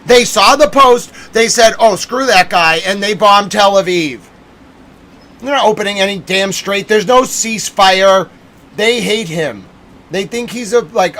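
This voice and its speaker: A man's voice: high voice, fairly bright tone, slight background noise. A man live-streaming his reaction to the news, ranting, swearing and repeating himself.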